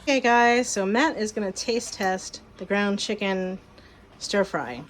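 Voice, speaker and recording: A woman's voice: medium pitch, unhurried. Friendly mom cooking at home for her channel, chatty, laughs a lot, faint background hiss. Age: young adult to middle-aged mom. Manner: chatty, upbeat, laughs often. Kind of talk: casual cooking demonstration. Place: home kitchen.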